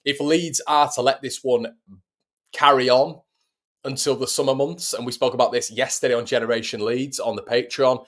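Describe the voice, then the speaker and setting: A man's voice: medium pitch, steady tone, normal speed, fairly bright tone. A young man, casually hosting a live stream from home, chatting and answering viewer messages. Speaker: host of a fan channel.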